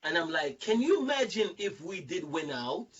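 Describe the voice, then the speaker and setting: A man hosting a casual group talk, telling stories in an animated, rambling way, repeating words and acting out other people's lines. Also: fairly high pitch, moderate pace, breathy edge, recorded from a distance, highs cut off. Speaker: show host. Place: online video chat.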